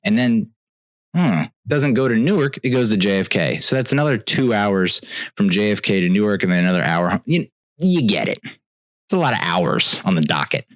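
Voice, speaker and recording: A young man, telling a comedic story on a podcast with exasperated ranting that swings from loud outbursts to low mutters. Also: big pitch swings, moderate pace, no echo. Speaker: podcast host.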